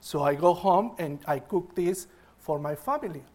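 An unhurried village fisherman, a man of simple words who keeps asking "then what?", as a preacher acts him out in a sermon story. The voice sits high and plain. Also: animated, a little mellow. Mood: content.

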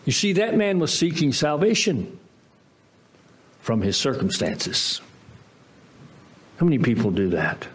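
Slow, emphatic male preacher. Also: huge pitch swings. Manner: emphatic, dramatic swings in pitch. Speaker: pastor. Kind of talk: sermon.

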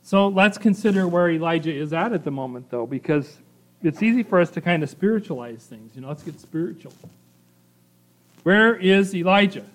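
A man's voice: high-pitched, lively intonation, moderate pace. A middle-aged male pastor preaching a sermon in a conversational way, reading scripture and often adding "right?" and "you know" as asides.

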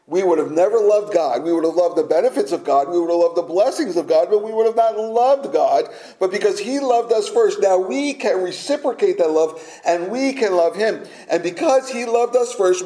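A man preaching a sermon slowly and emphatically, sometimes dropping to a near-whisper for effect. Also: high voice, warm tone, low-quality recording.

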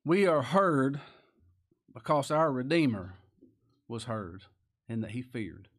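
A man's voice: mid-range voice, slow. A man preaching a sermon, reading scripture aloud and swinging into rising, emphatic lines. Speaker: pastor.

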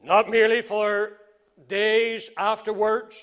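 A man preaching a sermon in old-fashioned scriptural phrasing, who swings from loud, emphatic lines to hushed, near-whispered ones and repeats phrases for emphasis. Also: high-pitched, level tone, takes it slowly.

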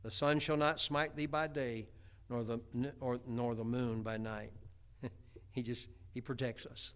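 A man's voice: mid-range voice, steady tone, measured pace, clean tone. A middle-aged man preaching a homespun sermon, chatty, with many stammered restarts. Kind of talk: folksy sermon.

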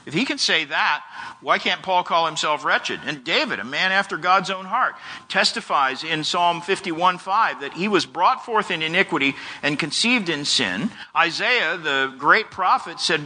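A man preaching an expository sermon as a pastor, speaking in an earnest, measured way and reading long quotations. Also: on the high side, lively intonation, pushed and bright. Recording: long reverb of a large hall.

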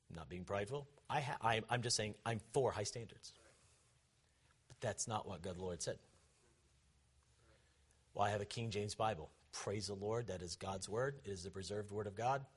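A man, a pastor, preaching an impassioned sermon that swings from loud shouting to quiet, conversational asides. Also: on the low side, slightly rough.

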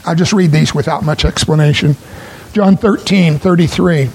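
A man preaching a sermon as pastor, earnest and emphatic, with pauses for stress. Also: fairly high pitch, darkish tone, slight background noise, poor audio.

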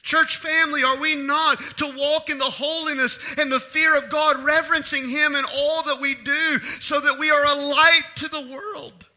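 A pastor with a strikingly high voice preaches an impassioned sermon, swinging from forceful, near-shouted appeals to the congregation down to hushed, earnest asides. His delivery is flat and moderately paced, with hardly any pauses.

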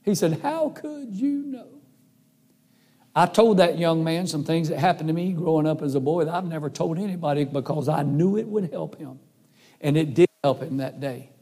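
A man's voice: on the high side, brisk, mellow. A middle-aged man preaching a sermon in an earnest, folksy, emphatic way. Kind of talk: sermon with personal story.

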